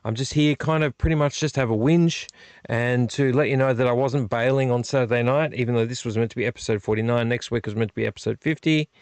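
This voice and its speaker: A man's voice: medium pitch, darkish tone, no echo. Weary man venting on a vlog. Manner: rambling, self-deprecating, frequent restarts. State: frustrated and weary. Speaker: vlog host. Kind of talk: casual late-night vlog chat. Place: home movie collection room.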